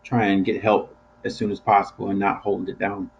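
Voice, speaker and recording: Casting: relaxed young man with a low voice, casual co-host, muffled lo-fi video call sound. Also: normal speed, creaky, a little hiss or hum. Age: young adult. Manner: laid-back, casual slang. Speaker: student co-host. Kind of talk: casual chat.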